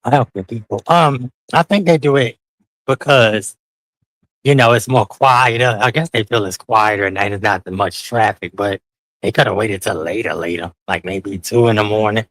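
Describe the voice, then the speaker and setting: A man's voice: fairly low pitch, normal speed, fairly bright tone, no echo, poor audio. Flamboyant profane man streaming from the street. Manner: flamboyant, profane, calls viewers honey, sing-song outbursts. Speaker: live-stream host. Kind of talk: casual live-stream chat while out walking. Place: city street outdoors at night.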